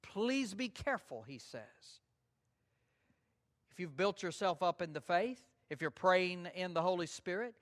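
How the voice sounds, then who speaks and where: High-voiced earnest male preacher. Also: fairly bright tone. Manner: earnest, repeats key phrases for emphasis. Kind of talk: sermon.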